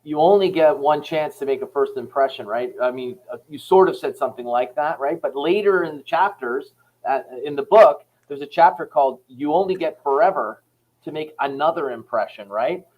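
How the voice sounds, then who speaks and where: A man's voice: a little high, expressive, moderate pace, dull audio. A man from Canada, a sales company head and author, talking frankly and rambling as a podcast guest, acting out phone calls as he tells stories. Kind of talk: casual podcast interview.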